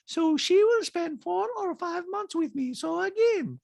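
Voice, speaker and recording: A man voicing a doting wealthy middle-aged mother, in a high, airy, drawn-out and self-satisfied tone. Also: lively intonation, gravelly, darkish tone, dry recording, heavily acted.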